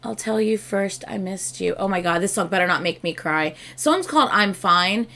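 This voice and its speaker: A woman chats through a music video reaction in a casual, gushing way, swearing freely as she goes. Her voice sits at an ordinary pitch with a noticeable gravelly fry. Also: moderate pace, bright, forceful tone.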